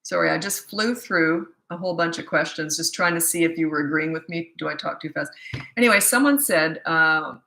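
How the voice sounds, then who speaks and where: Fast-talking older woman, echoey room. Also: deep voice, vocal fry, pushed and bright. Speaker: parenting coach. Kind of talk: live-stream Q&A.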